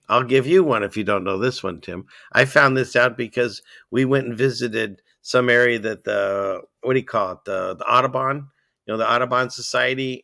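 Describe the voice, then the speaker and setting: A man hosting a livestream, chatting casually and excitably as he reads out viewer comments and drifts between topics. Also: mid-range voice, gravelly, no echo, studio quality. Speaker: livestream host.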